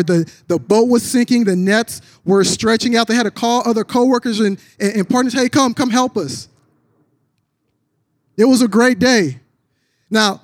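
A man preaching a sermon, telling a story with drops into a low, soft voice for quoted lines. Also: no room sound, clean studio sound. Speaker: pastor.

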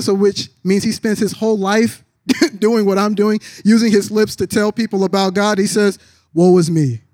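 A man preaching a sermon, telling a story with drops into a low, soft voice for quoted lines. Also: no room sound, studio quality. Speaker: pastor.

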